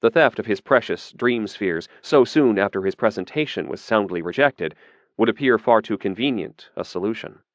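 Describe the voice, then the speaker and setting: A man reading a fantasy audiobook in a steady, measured narration. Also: fairly low pitch, dry recording, muffled recording.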